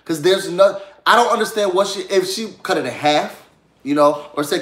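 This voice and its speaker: A man's voice: sits high, normal speed, fairly bright tone. A man recapping a reality show in casual, gossipy chat, talking straight to his viewers. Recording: echoey room.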